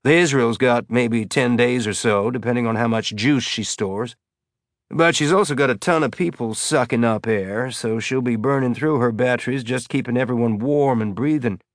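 A man voicing an easygoing male pilot with a slow, exaggerated Southern drawl. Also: mid-range voice, dry recording, studio quality, lightly acted. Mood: wry. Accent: Southern US drawl, put on.

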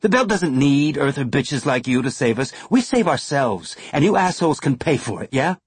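A man's voice: medium pitch, sing-song, slow, breathy edge, no room sound, pitched above the performer's own voice, heavily acted. A man voicing a furious male station engineer who rants in a spiteful snarl, in an audiobook. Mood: ranting.

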